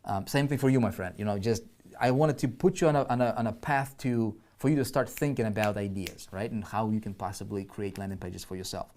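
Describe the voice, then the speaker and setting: A man's voice: lowish voice, fairly quick, darkish tone. Guy walking folks through a sales page, chatty, keeps asking right?, typing in the background. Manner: chatty, lots of "right?" check-ins, frequent restarts. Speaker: online marketing trainer. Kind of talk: live screen-share teaching.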